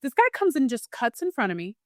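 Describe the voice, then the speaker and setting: Brief Young woman podcast host, animated storyteller, bright high-ish voice, very lively pitch, dry close mic. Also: fast talker, dry recording. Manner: animated storyteller, swoops high when quoting herself. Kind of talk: casual chat.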